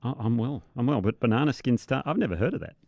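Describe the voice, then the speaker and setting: A man, a former golf pro, co-hosting a golf podcast and telling stories in a lively way. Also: medium pitch, fast talker, no room sound. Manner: animated storytelling, laughs often. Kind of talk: casual golf chat.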